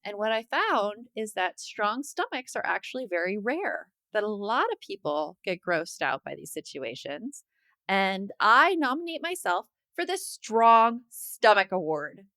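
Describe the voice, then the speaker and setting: A woman co-hosting a parenting podcast, chatting casually and telling animated stories. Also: mid-range voice, unhurried, dry recording. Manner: chatty storyteller, animated quoting. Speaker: podcast co-host. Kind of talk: casual chat.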